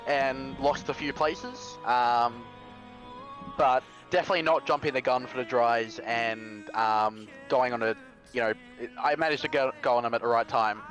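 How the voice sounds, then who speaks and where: A man talking through his race in a relaxed, chatty way, with lots of ums. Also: medium pitch, moderate pace, faint music behind, rough recording. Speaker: sim racing driver. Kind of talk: casual post-race interview.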